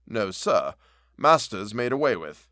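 A man's voice: on the low side, very animated, unhurried, sharp tone, no room sound, studio quality, heavily acted. A man voicing an anxious, loyal old male butler in a storybook reading, speaking harshly and urgently. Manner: harsh, broken, urgent pleading.

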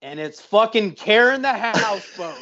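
A man with a high voice speaks unhurriedly while co-hosting a podcast, telling a long story in casual chat with slight background noise. He curses often and animatedly acts out the people in it. The sound is muffled lo-fi audio.

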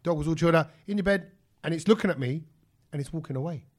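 A man tells an animated story on a podcast, acting out what people said. His voice sits high for a man and he talks quickly, jumping between asides. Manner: animated, acts out quotes, says "bruv" often. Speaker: podcast co-host. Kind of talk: casual chat, storytelling.

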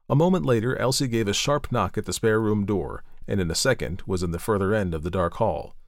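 A man narrating an old-fashioned novel, reading in a measured storytelling way. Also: deep voice, no echo, clean studio sound. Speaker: audiobook narrator. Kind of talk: scripted narration.

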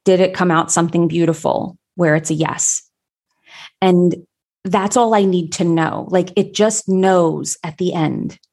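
A woman telling a personal story in a reflective, conversational way, pausing often with fillers. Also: fairly low pitch, steady tone, a little mellow.

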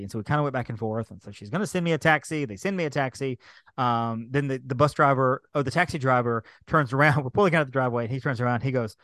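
A man co-hosting a podcast, telling a travel mishap as a lively story and acting out the back-and-forth. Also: medium pitch, fast, dry recording, clean studio sound. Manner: animated storyteller, acts out quoted exchanges. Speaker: podcast co-host. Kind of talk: casual chat, storytelling.

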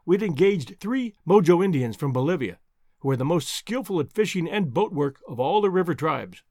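A man narrating an adventure novel as an expressive audiobook reading. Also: a little high, no room sound, clean studio sound. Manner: animated, descriptive reading.

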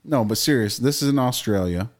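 A man's voice: medium pitch, a little fast. A man co-hosting a casual podcast, talking in a loose, opinionated and profane way. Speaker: podcast co-host.

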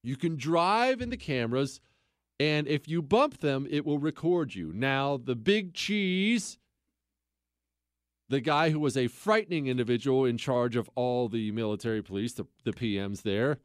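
A man hosting a podcast, telling a story in casual comedic style, animated and sardonic, with self-mocking asides. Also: mid-range voice, measured pace, no echo, studio quality. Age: adult.

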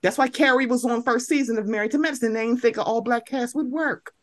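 Fairly high-pitched and quick, a woman hosts a podcast with blunt, slangy casual chat. She often acts out quoted reactions.

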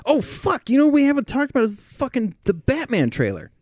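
A man's voice: extremely high pitch, huge pitch swings, a little fast, over loud music. A man in casual podcast chat who explains things eagerly and at length, swearing along the way.

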